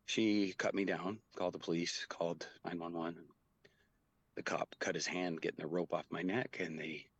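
A middle-aged man, a guest telling a personal story in an earnest, halting way. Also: deep voice, level tone, breathy edge. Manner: earnest, halting, with quoted dialogue.

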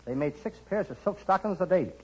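High, excitable comedian in 1940s radio. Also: male voice, quick pace, a little hiss or hum, low-quality recording. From United States. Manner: excitable, childlike, punning.

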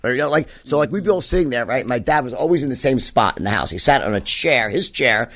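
Gravelly, profane New man telling stories. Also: medium pitch, lively intonation, fast, a bit bright. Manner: profane, emphatic, does mocking voices of his father. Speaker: podcast guest. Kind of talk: animated storytelling interview.

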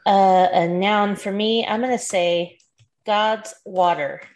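A woman's voice: mid-range voice, steady tone, takes it slowly, darkish tone. A woman hosting a casual podcast chat, giggling often as she leads a word game. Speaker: podcast host.

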